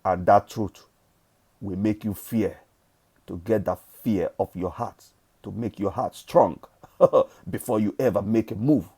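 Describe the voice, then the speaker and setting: Nigerian male vlogger, fairly low warm voice, emphatic motivational preaching, casual swearing. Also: unhurried, breathy edge. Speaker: forex trading vlogger. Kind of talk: motivational monologue.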